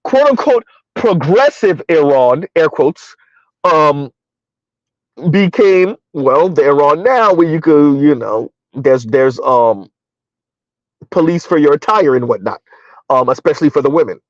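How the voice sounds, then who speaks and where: A middle-aged man hosts a casual live-stream commentary, rambling along with frequent fillers and short laughs. His voice sits a bit high for a man. The recording is dull and lo-fi, with a dry, close sound. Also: animated, a little slow, pauses often, no room sound. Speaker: commentary channel host.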